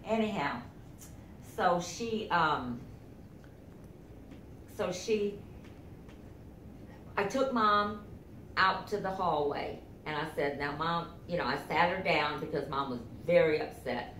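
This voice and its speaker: A middle-aged woman telling family memories in a halting, casual way, full of fillers and acted-out quotes. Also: fairly low pitch, a bit bright, reverberant, slight background noise.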